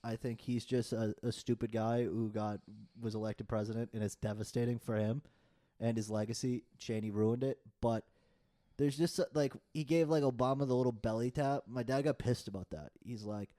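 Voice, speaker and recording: A man's voice: medium pitch, fairly even intonation, moderate pace, dark tone. Swearing young man. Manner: profane, rambling rants. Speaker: podcast co-host. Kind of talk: casual chat.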